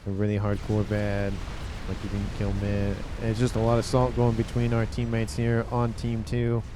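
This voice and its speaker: A man casually commentating a strategy game replay, reacting excitably as the action unfolds. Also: lowish voice, noisy background. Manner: excitable, quick reactions, often exclaims "oh".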